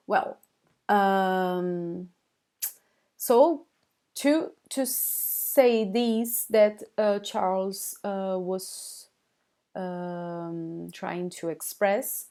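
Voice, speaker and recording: A woman with a Brazilian accent, a native Portuguese speaker, teaching a live online language lesson in English, halting and full of fillers, checking in with viewers often. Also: mid-range voice. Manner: slow, halting, many fillers and restarts; addresses viewers as guys, checks with okay.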